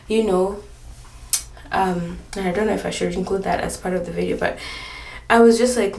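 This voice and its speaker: A woman's voice: mid-range voice, fairly even intonation, normal speed, vocal fry, pauses often, a little mellow. A pregnant woman chatting on her home vlog, tired and earnest, rambling through her thoughts. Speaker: vlogger sharing her pregnancy journey. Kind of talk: casual vlog chat. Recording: roomy echo, a bit off-mic.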